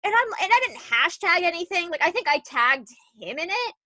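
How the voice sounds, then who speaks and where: High bright-voiced young woman, chatty. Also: brisk, no echo. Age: young adult. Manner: chatty, lots of "like", animated retelling. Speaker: podcast co-host. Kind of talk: casual chat.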